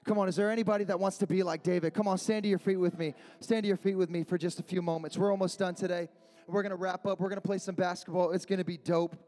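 A young man preaching a youth sermon in a slangy, repetitive style, building to shouted refrains. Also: high voice, little pitch movement, fast talker. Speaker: youth pastor. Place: youth service gathering.

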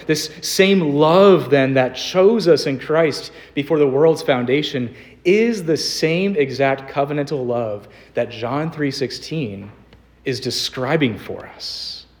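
A young man preaching a sermon in a church, earnest, slowing down to stress quoted scripture. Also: a little high. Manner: earnest, varied emphasis, slows on quoted scripture. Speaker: pastor. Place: church sanctuary.

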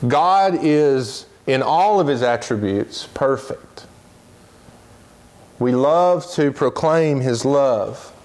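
A man teaching a Sunday school Bible lesson in an earnest way, slowing down when he stresses a point and reading scripture aloud in quick bursts. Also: medium pitch, lively intonation, a little mellow.

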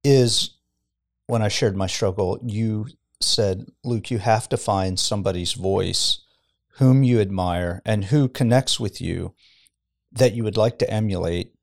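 A man's voice: lowish voice, a little slow, vocal fry. A middle-aged man, a pastor, reflecting in a casual podcast conversation in a studio and often chuckling as he tells a story. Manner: reflective, chuckles while telling stories.

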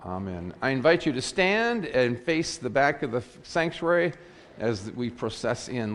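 A pastor leading worship, reading scripture and a prayer with a measured, deliberate cadence in a church sanctuary. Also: male voice, medium pitch, lively intonation. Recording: long reverb of a church sanctuary.

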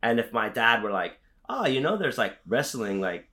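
A man's voice: medium pitch, very animated, moderate pace, pushed and bright. A man hosting a podcast, rambling and joking with lots of swearing. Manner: profane, rambling, jokey. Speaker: podcast host. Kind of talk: casual podcast chat.

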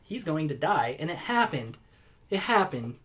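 Animated storytelling man, slightly high voice. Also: normal speed. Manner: animated storytelling, laughs easily. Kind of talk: casual chat.

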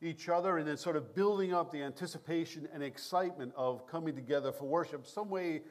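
A man pastor preaching a sermon in a measured, prayerful cadence, reading scripture and leading prayer. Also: a little high. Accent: New York.

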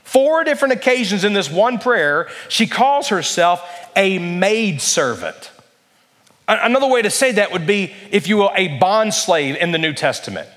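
A male pastor delivering an earnest, emphatic sermon, slowing and speeding up for emphasis. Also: high-pitched, big pitch swings, fairly bright tone. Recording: long hall reverb.

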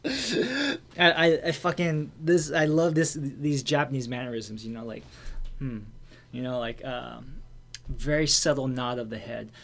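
A man's voice: medium pitch, measured pace, a bit bright. Candid, swearing man telling a story. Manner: candid, swears freely, many fillers and restarts. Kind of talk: casual storytelling.

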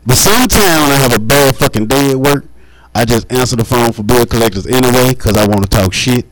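A man, doing a profane stand-up set at an open mic, jumping up in pitch and volume on punchlines. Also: fairly quick, no echo, poor audio. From Mississippi. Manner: profane, swings high and loud for punchlines. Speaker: stand-up comedian.

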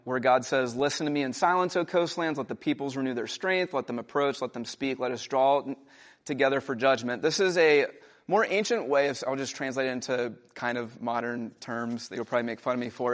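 A young adult man, a pastor, preaching a sermon in a conversational storytelling way, raising his voice for emphatic quotations. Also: mid-range voice. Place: church.

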